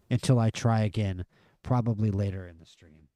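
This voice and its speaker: A man live-streaming a football management game, chatting through the match and getting excited at near misses and goals. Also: fairly low pitch, moderate pace, no room sound, clean studio sound. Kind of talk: live gameplay commentary.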